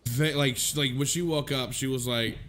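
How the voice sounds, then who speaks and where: A man's voice: mid-range voice, fairly even intonation, moderate pace, fairly bright tone, slight background noise. A man casually telling a story, laughing often and swearing freely. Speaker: vlogger.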